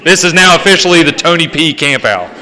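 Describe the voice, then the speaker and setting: A man's voice: fairly high pitch, expressive, fairly quick, heavy background noise. A man sharing a personal recovery story at a meeting, profane and self-mocking, laughing at himself as he talks. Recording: reverberant hall.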